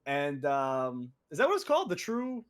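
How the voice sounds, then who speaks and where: A young man co-hosting a casual podcast, telling stories in an animated way with laughs and quoted voices. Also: fairly high pitch, moderate pace. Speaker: co-host.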